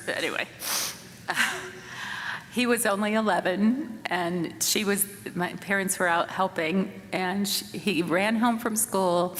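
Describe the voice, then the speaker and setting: A woman in her sixties giving a eulogy for her son in a church, speaking in a tender, halting way with soft rueful laughs. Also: on the low side, a little hiss or hum. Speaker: mother of the deceased giving a eulogy. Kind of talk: memorial eulogy. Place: church sanctuary. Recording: reverberant church with faint room ambience.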